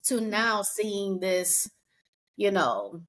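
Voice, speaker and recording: A woman's voice: medium pitch, drawn-out words. Chatty woman recapping a reality show. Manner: chatty, acts out quotes in animated voices. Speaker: podcast co-host. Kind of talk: casual recap chat.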